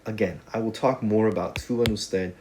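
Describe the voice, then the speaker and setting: A man with a somewhat low voice runs a casual video lesson on Spanish grammar. He talks to the class in a conversational, joking way, full of playful asides. A faint hum of room noise sits behind him. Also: fairly even intonation, moderate pace. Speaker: Spanish teacher.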